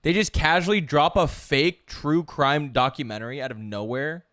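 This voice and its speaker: A man's voice: on the high side, moderate pace, fairly bright tone. A male streamer reacting casually to videos at a watch party, incredulous and swearing freely.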